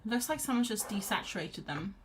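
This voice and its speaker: A woman's voice: medium pitch, sing-song, fairly quick, slight background noise. Chatty woman painting live. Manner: chatty, self-deprecating, laughs often. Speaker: art livestream host. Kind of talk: casual chat while painting.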